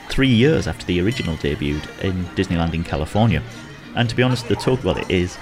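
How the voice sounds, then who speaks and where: A man with a very low voice chats his way through an outdoor theme park, rambling from one point to the next and chuckling often. His tone is casual, like a friendly walking-tour vlog. Faint music plays somewhere in the background.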